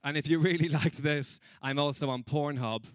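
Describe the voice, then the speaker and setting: A man doing stand-up comedy before a live audience, chatting with the crowd in a self-mocking, quick way. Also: on the high side, fairly even intonation. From Ireland.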